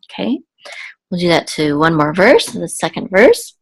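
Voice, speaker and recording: A woman teaching Biblical Hebrew reading, explaining slowly with fillers and self-corrections, then chanting the marks in a higher sung voice. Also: huge pitch swings, husky, poor audio.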